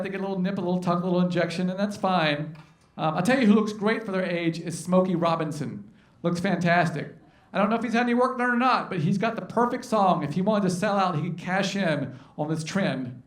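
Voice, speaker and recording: A man's voice: high voice, a little hiss or hum. A man doing folksy, self-deprecating stand-up comedy between song parodies on guitar. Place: comedy club stage. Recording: roomy live stage sound. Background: acoustic guitar.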